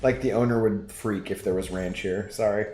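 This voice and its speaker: A man's voice: fairly low pitch, fairly even intonation, normal speed, mellow, slight background noise. Laid-back west coast guy gaming on stream, laughs a lot, echoey room. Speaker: guest gamer and channel mod. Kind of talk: casual gaming stream chat.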